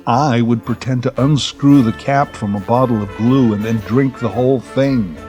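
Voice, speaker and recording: A man's voice: medium pitch, a little mellow. A man from the prairies, narrating a comic memoir with dry, self-mocking asides. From Canadian prairies. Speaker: storyteller.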